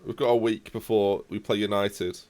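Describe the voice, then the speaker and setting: A young man commentating live on his football management game, reacting loudly to the match and chatting to viewers. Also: fairly low pitch, little pitch movement, normal speed.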